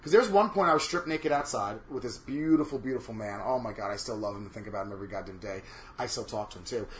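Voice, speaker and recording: A man co-hosting a chat show, telling stories in an animated, campy and profane way. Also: lowish voice, fast, reverberant. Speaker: podcast co-host. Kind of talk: casual chat.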